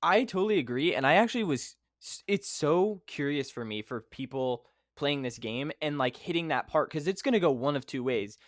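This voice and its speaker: A man's voice: fairly high pitch, expressive, moderate pace, few pauses, no room sound, studio quality. A man hosting a podcast in casual chat, rambling and acting out his own reactions. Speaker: podcast host.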